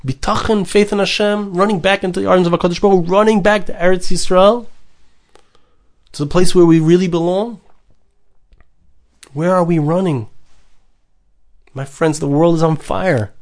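A man's voice: sits high, fairly even intonation, normal speed, pauses often. A man giving a Torah sermon, impassioned, repeating phrases and building to urgent questions. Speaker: rabbi giving a Torah talk.

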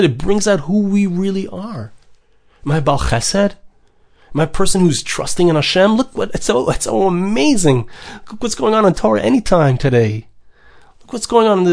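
A man's voice: high-pitched, creaky. Impassioned man preaching with rising urgency. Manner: impassioned, repeats phrases for emphasis, rising to urgent questions. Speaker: rabbi giving a Torah talk. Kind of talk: sermon.

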